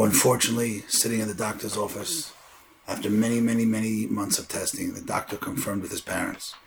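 A man giving a sermon, mixing Hebrew terms into English and building to loud, fervent stretches. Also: vocal fry, background noise. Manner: builds to loud, high-pitched fervor; uses Hebrew and Yiddish terms. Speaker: rabbi.

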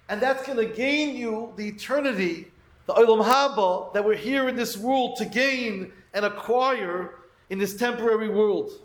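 A man's voice: extremely high pitch, roomy sound, low-quality recording. A man giving a Torah lesson, earnestly telling a story and weaving Hebrew terms into his talk. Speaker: Torah teacher.

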